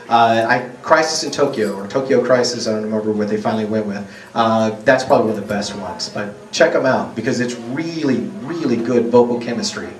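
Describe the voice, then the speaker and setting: A male voice actor in a joking, irreverent mood, answering fan questions at a convention panel. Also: medium pitch. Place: large convention hall. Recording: echoey hall, far from the mic.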